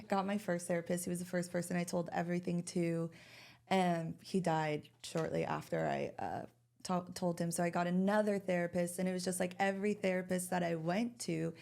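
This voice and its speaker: Gravelly-voiced young woman sharing her story. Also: lowish voice, darkish tone. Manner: candid, many fillers and restarts, emotional personal story. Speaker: podcast guest. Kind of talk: casual podcast conversation.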